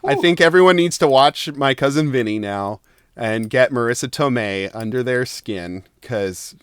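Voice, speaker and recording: A man's voice: mid-range voice, normal speed, clear, resonant tone, no echo, studio quality. A man acting as game master, chatting casually and enthusiastically with his players after a session, with lots of fillers. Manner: enthusiastic, rambling with many fillers.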